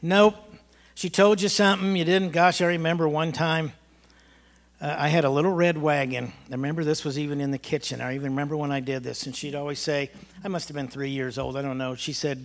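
A man's voice: a little high, steady tone, brisk. A man, a pastor, telling folksy stories about his mother during a church service. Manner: folksy, storytelling, chuckling. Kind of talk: personal remembrance in a church service.

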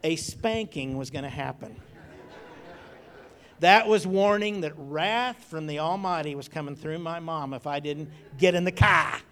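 A man's voice: fairly high pitch, unhurried, a bit bright, clean tone. A middle-aged man preaching a sermon, telling folksy stories from his own childhood and often repeating phrases for emphasis. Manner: folksy storytelling with personal memories and repeated phrases. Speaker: pastor.

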